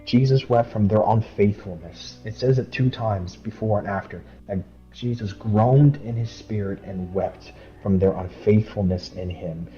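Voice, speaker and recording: A man hosting a casual Bible study, arguing his points emphatically and reading verses aloud slowly. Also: on the low side, dull audio, faint music behind. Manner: emphatic, talks over the other speaker, reads verses slowly. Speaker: host leading a Bible study.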